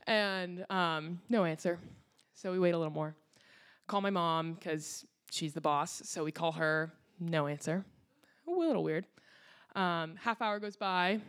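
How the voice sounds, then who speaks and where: Young american woman telling a story live on stage, chatty, lots of "like"s, quick asides. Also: on the low side. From United States. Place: live storytelling event in a hall.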